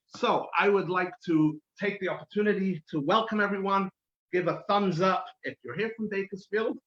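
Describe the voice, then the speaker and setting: A man's voice: high-pitched, fairly bright tone. A man, hosting as a rabbi and telling a chatty, anecdotal story on a video call. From London, England. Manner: chatty, anecdotal, some restarts. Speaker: host rabbi. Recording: echoey room, dull video-call audio.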